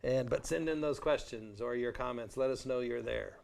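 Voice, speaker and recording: A man's voice: medium pitch, normal speed, gravelly, a little mellow, a little hiss or hum. A man teaching science on a live call-in TV show, playfully dropping into pirate talk. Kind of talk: live TV lesson. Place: TV studio.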